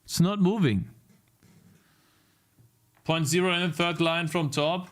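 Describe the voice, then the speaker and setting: A young male streamer codes live and mutters at his bugs as he works. He talks slowly and answers his chat in a casual, frustrated way. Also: fairly high pitch. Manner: frustrated muttering while debugging, talking to chat.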